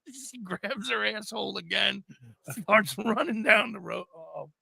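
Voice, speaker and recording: Gravelly, bright-voiced man telling a story. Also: sits high, slow pace, no room sound. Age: older. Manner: animated, laughing storyteller. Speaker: podcast co-host. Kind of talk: casual storytelling chat.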